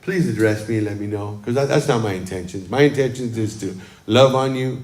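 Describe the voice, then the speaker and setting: A male pastor with a lowish voice speaks fairly quickly, telling casual, warm stories to his congregation with frequent "um" and "amen." The casual sermon is livestreamed from a church sanctuary, with roomy sanctuary sound.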